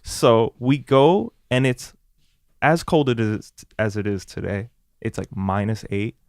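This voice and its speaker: Animated young man telling stories. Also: lowish voice, measured pace, no room sound, clean studio sound. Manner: animated storyteller, voices his own past lines. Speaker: podcast co-host. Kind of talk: casual chat.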